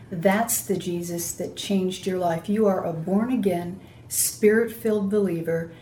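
Woman host, mellow voice, guides the guest, roomy echo with faint hiss. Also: fairly low pitch. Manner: prompting, summarizing the guest's story. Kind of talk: faith talk-show interview.

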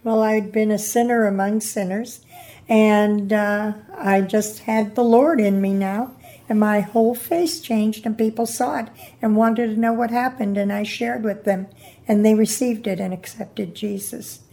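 A woman's voice: medium pitch, steady tone, measured pace, vocal fry, warm tone. An older woman recounting her conversion story in an interview, earnestly quoting what others said. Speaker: guest giving testimony. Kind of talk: personal testimony interview.

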